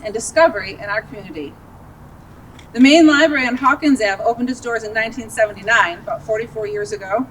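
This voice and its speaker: A woman's voice: sits high, fairly bright tone, slight background noise. A woman library director giving a ceremony speech outdoors, earnest and a little emotional, laughing at herself now and then. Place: outdoors at a groundbreaking. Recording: distant outdoor recording, faint ambience.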